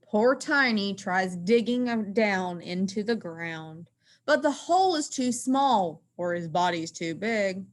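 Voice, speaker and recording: A woman teacher reading a rhyming picture book aloud in an expressive, sing-song way. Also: mid-range voice, takes it slowly.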